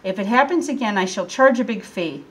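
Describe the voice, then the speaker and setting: A woman's voice: medium pitch, lively intonation, brisk, natural voice, low-quality recording. A woman voicing a weary, stern male pet shop owner in a children's storybook, matter-of-fact.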